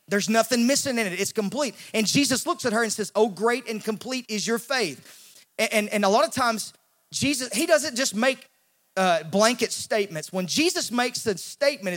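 Man preaching, high voice, animated, acts out the voices in the story. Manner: animated, acts out quoted voices, repeats words when he restarts. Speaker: pastor. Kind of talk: sermon.

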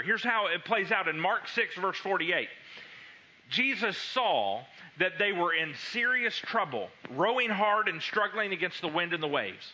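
A man preaching a sermon, telling the story with animated energy and slipping into the disciples' voices. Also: high voice, normal speed, highs cut off, a little hiss or hum.

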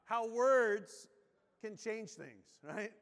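A man preaching a sermon as pastor, telling stories with lively energy and dropping low and slow when he reads scripture. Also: gravelly. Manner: animated storytelling, drops low and slow when reading scripture. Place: church sanctuary. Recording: long reverb of a church hall.

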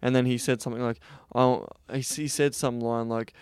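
A man's voice: medium pitch, steady tone, brisk, clear, resonant tone, no room sound. A man hosting a podcast as a sex coach, talking casually in a blunt, profane, rambling way with many restarts.

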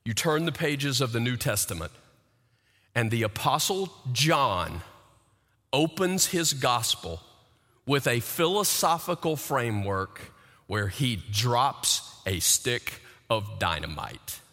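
Bright-voiced preacher in an echoing hall. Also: male voice, mid-range voice, expressive. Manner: builds to emphatic peaks with dramatic pauses. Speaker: pastor. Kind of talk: sermon.

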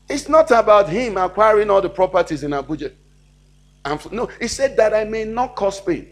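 A man's voice: high voice, expressive, a little fast. A man, preaching a sermon as pastor, asking the congregation questions and acting out dialogue.

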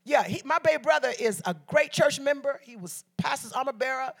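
A woman's voice: high voice, animated, a little fast, creaky. A woman from Detroit preaching a sermon as a guest speaker, calling on the congregation to answer back and telling stories along the way. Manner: call-and-response preaching, storytelling asides.

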